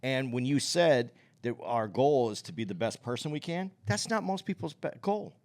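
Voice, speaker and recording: A man's voice: mid-range voice, expressive, normal speed, darkish tone. A man co-hosting a podcast in casual chat, opinionated, thinking aloud and circling back to his point. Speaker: podcast co-host.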